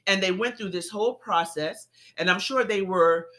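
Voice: medium pitch, moderate pace, fairly bright tone. A co-host in a heated casual discussion who talks earnestly and often backs up the others. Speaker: podcast co-host.

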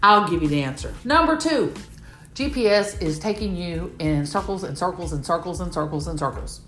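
Animated woman in an echoey room. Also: on the low side, moderate pace, faint music behind. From Houston, Texas. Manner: animated storytelling, playfully acting out other people. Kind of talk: comedic motivational talk to an audience.

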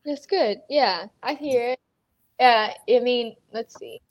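A woman's voice: a little high, slow pace. A woman hosting a podcast in casual chat, joking and laughing, swearing casually. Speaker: podcast host.

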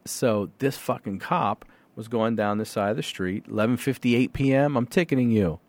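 A man telling a story in casual chat, swearing freely and acting out both sides of a phone argument in lively voices. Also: medium pitch, moderate pace, no room sound. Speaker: podcast guest.

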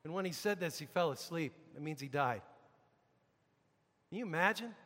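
Male pastor preaching, emphatic and dynamic, high voice, long hall reverb. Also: animated, normal speed. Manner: emphatic preacher, swings from hushed to loud. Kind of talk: sermon.

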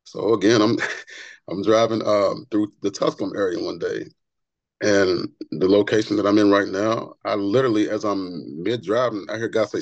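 An earnest man talks as a podcast guest, animated and heartfelt, repeating himself when he gets going. His voice sits a little low. The sound is dry and close. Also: normal speed, no room sound, dull audio. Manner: repeats words when excited. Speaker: barber and author, podcast guest. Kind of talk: conversational interview storytelling.

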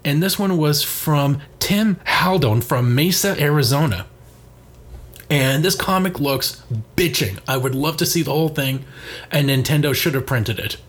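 A man's voice: fairly high pitch, a little slow. A man co-hosting a casual chat show, reading magazine letters aloud with sarcastic asides and frequent laughter. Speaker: podcast co-host.

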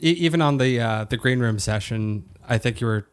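A man hosting an interview in a relaxed, chatty way, often affirming his guest. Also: mid-range voice, fairly quick. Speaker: podcast host. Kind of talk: casual interview chat.

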